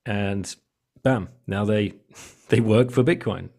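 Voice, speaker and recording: A man's voice: fairly low pitch, slow, vocal fry, darkish tone. A man as a guest in a casual livestream chat, joking and rambling with lots of fillers.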